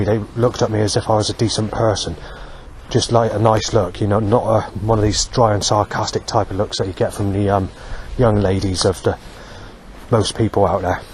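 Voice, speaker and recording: A man's voice: on the low side, level tone, brisk, slight background noise. A man rambling through a walking monologue outdoors, full of fillers and asides. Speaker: vlogger. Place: outdoors on a street.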